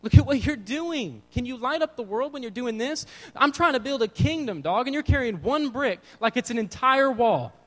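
A man voicing God as a blunt, exasperated male deity, scolding loudly in a high voice. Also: animated, normal speed, few pauses, in a large hall, low-quality recording. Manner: loud, scolding, high-pitched.

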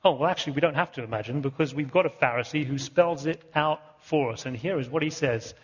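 A British-born man preaching with a high, slightly husky voice, driving his points home by repeating key words. The sound is dull and carries a long hall reverb, as if heard in a big church. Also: fast. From Britain. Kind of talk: sermon.

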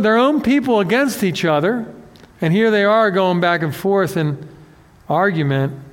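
Man preaching, high-pitched voice, animated, conversational sermon, long hall reverb. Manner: animated, self-deprecating, acts out quotes. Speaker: pastor.

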